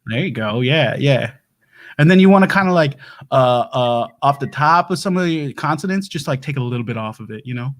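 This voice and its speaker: A man's voice: medium pitch, lively intonation, a little fast, lightly acted. A man playing a folksy, rambling prepper host. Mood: explaining. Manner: rambling, folksy, stammering restarts. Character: folksy Southern doomsday prep lecturer, man, cheerful. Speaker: show host. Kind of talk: improvised comedy livestream.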